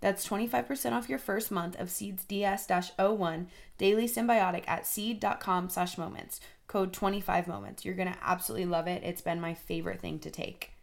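Woman with a gravelly low voice reading an ad. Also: fairly even intonation, brisk. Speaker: podcast host reading an ad. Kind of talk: ad read.

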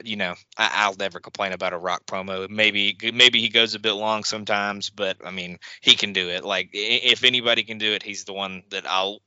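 A man co-hosting a casual podcast, speaking enthusiastically with frequent halting restarts. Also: low-pitched, pushed and bright, clean tone, no room sound. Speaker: podcast co-host. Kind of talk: casual wrestling podcast chat. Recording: dry, dull lo-fi podcast audio.

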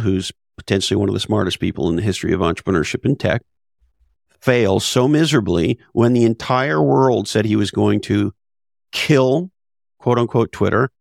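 This podcast guest, a male author and business advisor, has a lowish voice with vocal fry, recorded in a clean studio with no room sound. Speaking in a conversational interview, he's blunt and emphatic, throwing in rhetorical questions and the occasional casual curse.

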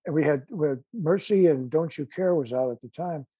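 A man's voice: fairly high pitch, normal speed, dark tone, slightly rough, no echo. An older man with a Chicago accent, a guest musician telling stories in a rambling way with many restarts. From Chicago, USA. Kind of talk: casual interview chat.

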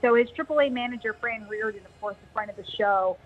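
A woman's voice: on the high side, fast, highs cut off. A woman talking baseball as an analyst on a pregame radio show, chatty and self-deprecating. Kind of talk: casual sports chat.

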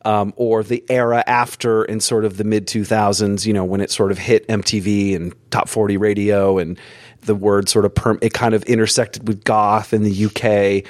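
A man's voice: on the low side, little pitch movement, moderate pace, no room sound, studio quality. A man chatting casually on a podcast, telling rambling, self-mocking stories. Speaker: podcast guest. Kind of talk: casual chat.

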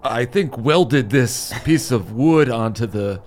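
A man playing a tabletop game, wry and quick to laugh. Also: medium pitch, expressive, a little mellow. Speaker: player.

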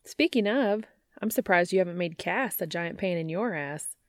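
A woman's voice: fairly low pitch, expressive, moderate pace, no echo, clean studio sound, close to an everyday voice. A woman doing a brash teasing young barmaid. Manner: teasing, blunt.

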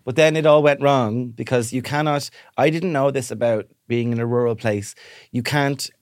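In clean studio sound with no room echo, a podcast co-host tells a story in casual chat, animatedly acting out lots of voices. His voice is medium-pitched at a normal speed.

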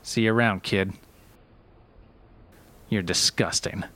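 A man's voice: on the low side, steady tone, takes it slowly, fairly bright tone, a little hiss or hum, pitched below the performer's own voice. A man playing a cold, mocking deadbeat boyfriend who talks curtly and sneers, in a comedy sketch. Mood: sneering. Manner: sneering, curt.

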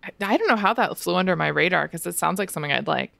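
A woman co-hosting a podcast, talking in a relaxed, agreeable way. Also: fairly low pitch, fast, gravelly, no echo. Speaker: podcast co-host. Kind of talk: casual chat.

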